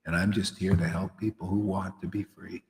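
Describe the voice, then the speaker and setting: A man's voice: sits low, level tone, normal speed, a little mellow. A man preaching informally to a devotional gathering, rambling and peppering his talk with "you know" and "man". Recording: echoey hall with long reverb.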